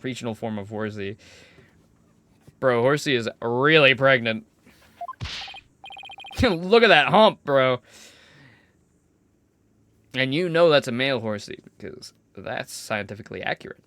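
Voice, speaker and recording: A game streamer giving casual joking commentary in a goofy, animated manner. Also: medium pitch, a little slow, long pauses.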